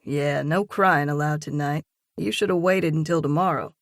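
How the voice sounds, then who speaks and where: A woman reading an audiobook and voicing a grounded young man who talks in a calm, encouraging, lightly teasing way. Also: deep voice, normal speed, no echo, studio quality. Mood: coaxing. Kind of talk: audiobook dialogue.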